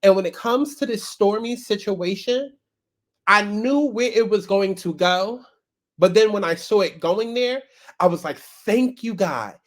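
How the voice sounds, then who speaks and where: A woman's voice: medium pitch, unhurried. A sassy woman hosting her own commentary channel, with a voice in the middle of the usual range. She talks straight to her viewers, blunt and unfiltered, and keeps calling them baby and child. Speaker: commentary YouTuber. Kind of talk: casual commentary.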